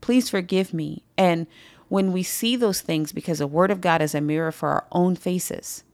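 A woman's voice: lowish voice, moderate pace, no echo. A woman teaching a morning Bible study in an earnest, conversational way, often checking in with her listeners. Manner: earnest, conversational, with frequent "right?" asides.

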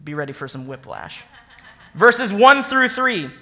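A young adult man from the American Midwest, an associate minister giving a sermon, animated and conversational, reading scripture with sarcastic emphasis. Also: high voice, unhurried.

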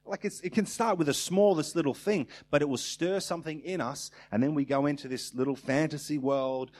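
A man's voice: a little high, a little fast, a little mellow. A man preaching a sermon in a conversational way, now and then acting out little everyday exchanges.

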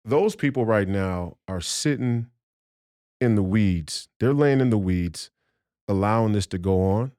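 A man's voice: lowish voice, expressive, unhurried, a little mellow, no room sound, studio quality. A man talking as a podcast guest in a heated, profane rant, emphatic and combative, often restarting his sentences.

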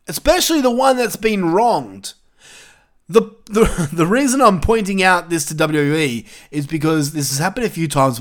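Man, host, casual solo commentary, profane, exasperated rant, high-ish voice, very lively pitch. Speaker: wrestling review show host.

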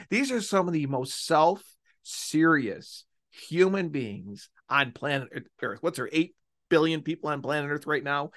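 A man's voice: on the high side, a bit bright, no room sound, studio quality. A man hosting a solo political podcast, talking in a mocking, emphatic way and drawing out key phrases. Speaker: podcast host.

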